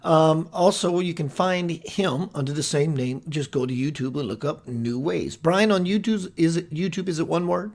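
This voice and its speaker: A man with a slightly raised pitch hosts a casual talk show. He is warm toward his guest in his words and playful in his delivery. At times he riffs freely on a phrase. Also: fairly even intonation, moderate pace, hardly any pauses. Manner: effusive, playful, affectionate. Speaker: host.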